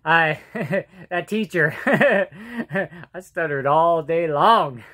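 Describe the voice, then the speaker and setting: Middle aged guy rambling funny stories on his vlog, highish voice, laughs at himself, trips over words. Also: pushed and bright. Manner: joking, self-mocking, laughs at his own stories; halting, with restarts and repeated words. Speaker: vlogger. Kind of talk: casual storytelling monologue.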